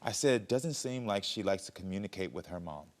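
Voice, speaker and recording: A man hosting a talk show, mediating calmly and empathetically between guests. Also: low-pitched. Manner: calm, measured, guiding and empathetic.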